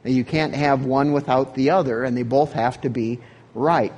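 Husky-voiced man preaching a sermon. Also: medium pitch, steady tone, moderate pace, darkish tone. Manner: earnest, conversational preaching. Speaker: pastor.

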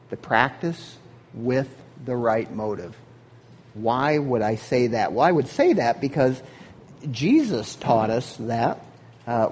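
A man's voice: mid-range voice, darkish tone, breathy edge. A man preaching a sermon as pastor, in an earnest, conversational way.

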